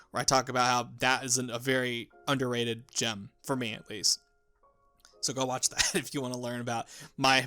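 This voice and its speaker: A man's voice: fairly high pitch, sharp tone, clean tone. A young man giving a casual, rambling movie review, often restarting his sentences and swearing. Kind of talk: casual spoken film review.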